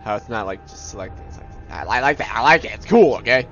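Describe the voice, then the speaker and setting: A young man hosts a let's play of a horror game, nervous and jumpy, mocking himself, dropping to whispers and then yelping. His mid-range voice is expressive and fairly bright, and he talks fast. The game capture sounds dull and lo-fi, with faint game music behind him.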